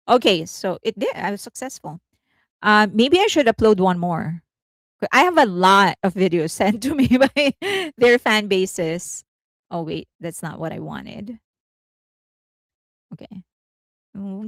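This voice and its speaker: A woman's voice: medium pitch, expressive, unhurried, long pauses, no room sound. Chatty woman hosting a livestream. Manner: chatty and rambling, laughs often, thinks aloud. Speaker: entertainment news livestream host. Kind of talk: casual livestream commentary.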